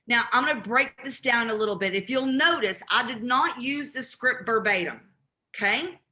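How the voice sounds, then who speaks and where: A woman with a Southern accent running a live real estate training call, acting out both sides of cold calls in an animated way. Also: fairly high pitch, moderate pace.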